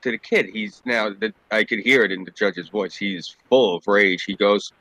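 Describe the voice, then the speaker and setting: A man with a bright, ringing voice tells a story at a relaxed pace among friends. He acts out the voices of the people in it and swears freely. The recording sounds close and dry. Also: fairly low pitch, moderate pace, hardly any pauses, dry recording, rough recording. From New York State. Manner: animated storyteller acting out quoted voices. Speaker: podcast co-host.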